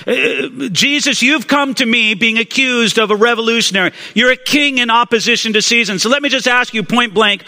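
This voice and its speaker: A clipped, blunt Roman governor, as a preacher acts him out, a man firing pointed questions. The voice is high and bright, with a long reverb trailing behind it as in a large hall. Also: fairly quick, few pauses, full character voice. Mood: probing. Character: brisk, efficient Roman governor, male.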